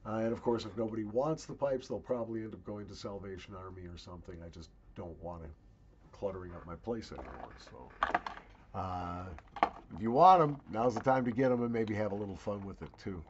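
Wry lo-fi basement host, low voice. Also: male voice, a little fast, a little hiss or hum. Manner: chatty, wry, emphatic asides. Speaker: channel host. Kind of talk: casual giveaway announcement. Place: home basement.

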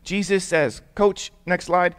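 Young male youth pastor with a high voice, chatty and interactive, leads call-and-response. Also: takes it slowly, clean tone. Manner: lively, prompts the audience to repeat words; conversational storytelling with casual fillers. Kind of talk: interactive sermon for young people.

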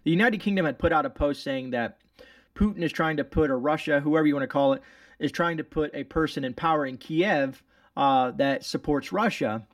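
A channel host reads news articles aloud and comments on them in a rambling, sarcastic way, with many fillers and restarts. His voice is a little high and fairly quick, captured in a dry, studio-quality recording from a distance.

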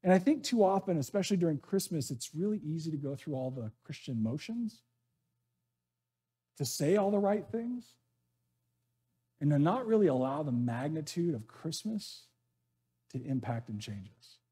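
Animated high-voiced male pastor. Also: normal speed, long pauses, breathy edge. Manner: animated, conversational, asks the audience questions. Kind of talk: sermon with storytelling. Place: church sanctuary.

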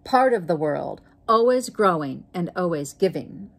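A woman voicing a gentle willow tree in a storybook reading, soft and murmuring. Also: on the low side, animated, measured pace, creaky, exaggerated voice. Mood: tender.

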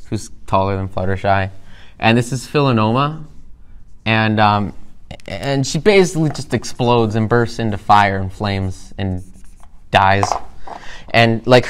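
A man's voice: fairly low pitch, fairly bright tone, clean tone. A man coaching clients by retelling a story, loose and rambling with lots of fillers. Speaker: business coach. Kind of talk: casual teaching through storytelling.

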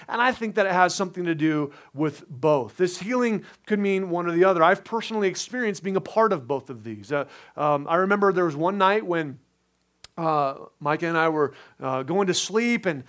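A man's voice: sits high, lively intonation, moderate pace. Earnest man preaching a sermon. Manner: earnest, swings from loud emphatic preaching to quiet conversational storytelling. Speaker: pastor.

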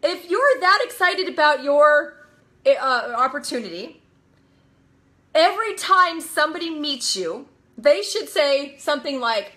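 Bright, high-voiced energetic woman coach. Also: measured pace. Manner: energetic, emphatic, acts out quotes with laughter. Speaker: network marketing coach. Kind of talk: live motivational talk.

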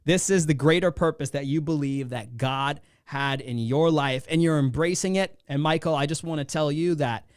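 A male podcast host asking his guest questions in an earnest, admiring way with halting phrasing. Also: fairly high pitch, no echo, studio quality. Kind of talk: interview questions.

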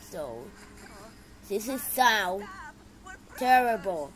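A woman giving casual reaction commentary to videos, excitable and exclaiming, swinging from loud outbursts to low mumbling. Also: drawn-out words, a little hiss or hum, low-quality recording.

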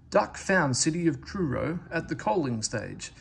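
A man reading a children's train storybook aloud, with expressive narration. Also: a little high, a little slow, vocal fry, slight background noise. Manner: expressive, lively character reading. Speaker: storybook reader.

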